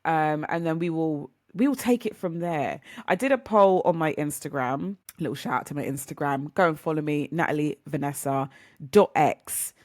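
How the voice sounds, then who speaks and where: A young woman hosts a podcast in a deep, slightly mellow voice at normal speed, recorded dry and at studio quality. She's chatty, rambling and upbeat, giving motivational talk and often addressing listeners directly as "guys."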